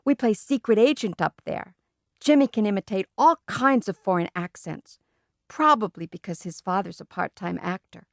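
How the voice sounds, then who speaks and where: A woman reading a children's book aloud in a plain, steady storytelling voice. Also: mid-range voice, moderate pace, vocal fry, no echo, clean studio sound. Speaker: audiobook reader.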